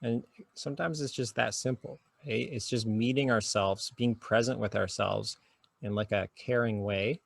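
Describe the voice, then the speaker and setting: Calm therapist guest, male, a touch of fry, dry recording. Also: medium pitch, dry recording. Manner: slow soothing guided instructions. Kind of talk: calm guiding conversation.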